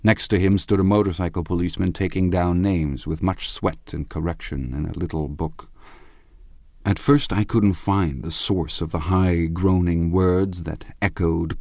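Deep-voiced man narrating an audiobook. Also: no room sound. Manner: measured, even storytelling delivery.

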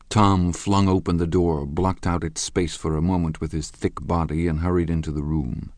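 A man narrating a literary audiobook in a measured, even reading. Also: low-pitched, no room sound.

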